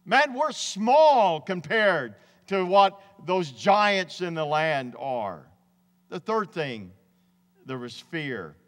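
Pastor, male, high voice, folksy and emphatic, recorded in a church with a long hall reverb. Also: fairly bright tone. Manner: folksy, emphatic preaching, often says "man". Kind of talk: sermon. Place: church sanctuary.

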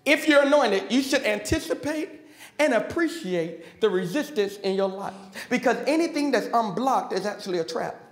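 A man preaching a sermon in a large church, joking with the congregation and building to shouted call-and-response. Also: high voice, lively intonation, moderate pace. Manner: folksy, joking asides. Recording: echoey church hall with faint music.

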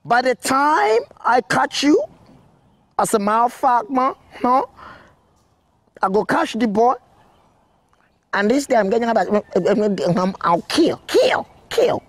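An actor playing a blustering kidnapper who stammers out threats over the phone, with a Nigerian Pidgin accent. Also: male voice, a little high, a little slow, dry recording, lightly acted. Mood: ranting.

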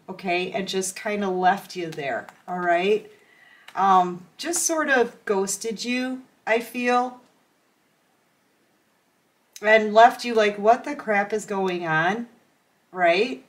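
Female tarot reader, casual and chatty, slow delivery, mid pitch. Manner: chatty, acts out imagined dialogue with laughs. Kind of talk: casual tarot reading to camera.

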